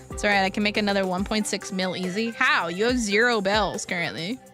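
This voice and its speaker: A woman's voice: mid-range voice, over music. A young woman streamer, chatting casually and playfully with viewers, giggling often. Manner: giggly, playful, quick tangents. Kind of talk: casual live-stream chat reading viewer messages.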